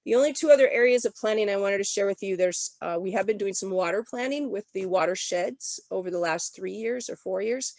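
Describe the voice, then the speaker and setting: Fast-talking woman briefing a video call. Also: medium pitch, darkish tone, dry recording. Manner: rapid-fire auctioneer-style delivery. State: sick. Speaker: regional development commission presenter. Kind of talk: briefing presentation at an online summit.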